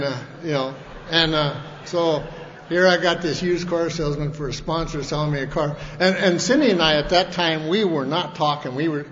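A man's voice: on the high side, a bit bright. Folksy man in an echoey hall. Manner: folksy, rambling, with many restarts. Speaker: speaker at a recovery meeting. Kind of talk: personal storytelling talk. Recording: echoey hall, dull lo-fi sound, faint hiss.

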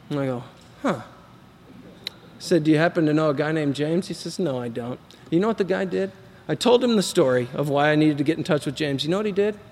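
A man's voice: a little high, long reverb tail, slight background noise. A middle-aged man telling his recovery story to a group, rambling and acting out what people said, with a self-deprecating humor. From Texas. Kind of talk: personal recovery talk to a group.

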